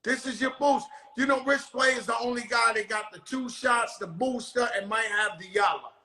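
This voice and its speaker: Loud, bright-voiced rowdy man host. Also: very high voice, moderate pace, echoey room, poor audio. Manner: rowdy, profane storytelling with shouted bursts. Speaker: show host. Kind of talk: casual chat.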